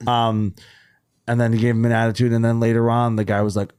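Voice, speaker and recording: A comedian as a podcast guest, chatting casually and telling animated stories, acting out quotes and swearing freely. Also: male voice, mid-range voice, fast talker, smooth. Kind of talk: casual chat.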